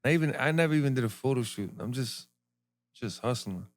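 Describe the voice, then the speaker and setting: A man, a podcast guest telling his story in animated street slang. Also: mid-range voice, a little fast. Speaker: podcast guest, clothing brand founder. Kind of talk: casual interview storytelling.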